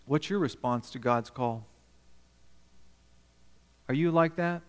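A male pastor preaching a sermon, emphatic, questioning the congregation and swinging between loud and quiet. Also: medium pitch, takes it slowly, long pauses, big-room sound.

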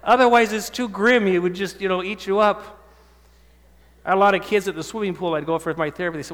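A man's voice: high voice, fast talker, a bit bright. A man in his fifties telling his life story to a church audience, acting out the voices of people in it. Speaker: speaker giving testimony. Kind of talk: storytelling sermon talk. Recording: long hall reverb.

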